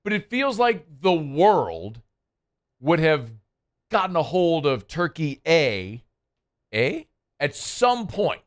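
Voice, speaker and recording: A man's voice: fairly high pitch, very animated, takes it slowly. A man hosting a sports radio show, chatting casually in a rambling, playful, self-deprecating way. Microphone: studio microphone.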